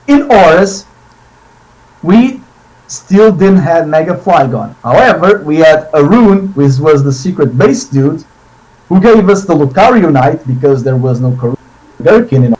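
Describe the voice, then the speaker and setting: A man chatting casually on a podcast, excitable and rambling, with many restarts and tangents. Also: a little high, low-quality recording. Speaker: podcast co-host.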